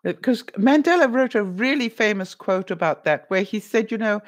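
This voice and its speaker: A middle-aged woman chatting on her livestream, musing aloud with plenty of ums and questions for her viewers. Her pitch is mid-range, her delivery animated and conversational. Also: normal speed, few pauses. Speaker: vlogger reading viewer comments. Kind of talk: casual livestream chat.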